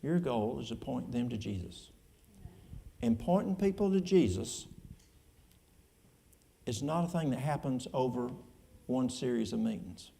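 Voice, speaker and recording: Folksy Appalachian man with gravelly voice. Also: medium pitch, lively intonation, unhurried, pauses often, dark tone, slight background noise. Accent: East Tennessee Appalachian. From East Tennessee. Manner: folksy, plain-spoken, drawling with colloquial speech. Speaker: church elder. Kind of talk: answering audience questions in church.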